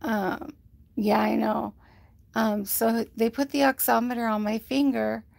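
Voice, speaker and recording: A woman's voice: fairly high pitch, little pitch movement, measured pace, creaky, a little mellow, dry recording. A woman giving a rambling, casual health update to livestream viewers, often quoting others and using many fillers, a little short of breath. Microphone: phone.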